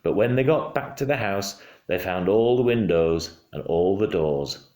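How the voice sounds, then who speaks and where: Deep-voiced man reading a bedtime story. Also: measured pace. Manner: expressive, hushed at quiet moments. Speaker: father reading to his child. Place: home. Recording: roomy home room.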